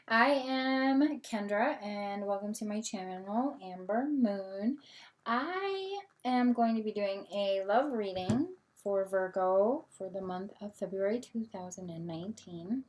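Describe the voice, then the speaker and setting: A young woman in her own channel's tarot reading, talking casually and full of "um"s and small laughs. She has the hiccups as she chats. Her voice sits at a middling pitch, picked up by a camera mic at her table. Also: animated, slow pace. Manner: chatty, many fillers, laughs a lot. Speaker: tarot reader, channel host.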